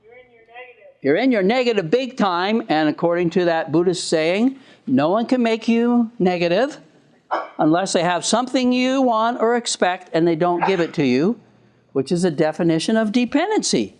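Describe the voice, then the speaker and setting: In a recorded lecture on parenting, a man jokes and laughs at his own lines while acting out the voices of parents and children. His high voice is expressive with a darkish tone, at normal speed.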